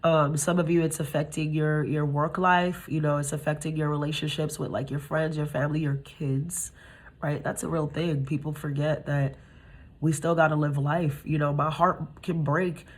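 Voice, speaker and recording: A young woman with a low, husky voice gives a casual tarot reading. She talks to her viewers in a chatty, streetwise way. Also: flat delivery, normal speed. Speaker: tarot reader.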